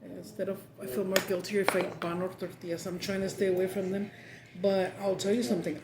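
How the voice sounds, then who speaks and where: A woman's voice: medium pitch, flat delivery, fast. A woman chatting casually while eating on camera, slipping into Spanish phrases as she talks. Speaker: mukbang vlogger. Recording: echoey room with background noise.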